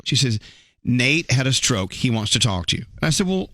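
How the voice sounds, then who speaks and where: A man's voice: mid-range voice, animated, moderate pace, pushed and bright, no echo, clean studio sound. A man hosting a morning radio show, mixing wry teasing jokes with earnest talk. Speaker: radio host. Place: radio studio.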